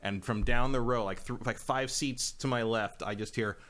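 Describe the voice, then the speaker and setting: A man co-hosting a games podcast, chatting casually, telling lively anecdotes and laughing often. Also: mid-range voice, moderate pace. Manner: animated storyteller, swears, laughs often. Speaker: podcast co-host. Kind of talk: casual chat.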